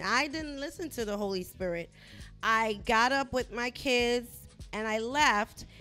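A middle-aged woman hosting a Christian talk show, animated as she tells a personal faith story. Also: a little high. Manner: animated storytelling, rising loud when reenacting herself.

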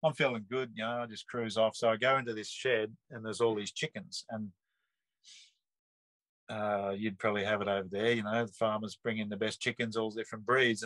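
A man's voice: lowish voice, no room sound, low-quality recording. A man in his sixties with an Australian accent, telling a personal story in an interview and acting out the people he quotes. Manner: lively storyteller who acts out the people he quotes.

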